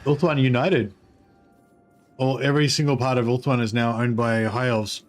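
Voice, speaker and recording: Guy chatting thru his game stream, rambly, lots of ums, mouth full of food, mid-pitched. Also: level tone, soft background music. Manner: rambling, halting, full of fillers, talks while eating. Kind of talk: casual gameplay commentary.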